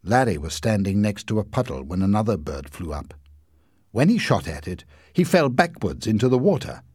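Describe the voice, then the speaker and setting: A man reads a story aloud with a husky, slightly low voice. His pitch rises and falls very freely as he tells it. The sound is dry and close. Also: normal speed, dry recording. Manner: expressive, lively storytelling. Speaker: narrator. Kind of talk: storybook reading.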